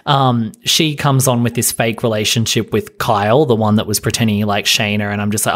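A man's voice: fairly low pitch, a little fast, hardly any pauses. Profane rambling male podcast host. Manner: rambling, profane, animated retelling with quoted voices. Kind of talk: casual chat.

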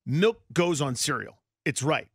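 A man's voice: fairly high pitch, measured pace, breathy edge, dry recording. A man co-hosting a sports radio show, talking in a playful, rambling way from a studio microphone. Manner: animated, playful, rambling explanations. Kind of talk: casual radio chat.

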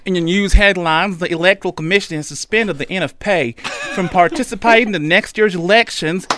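A man playing a gossipy Deep South newsreader with a put-on Southern US accent, in a radio studio. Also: a little fast, fairly bright tone. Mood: mock-serious.

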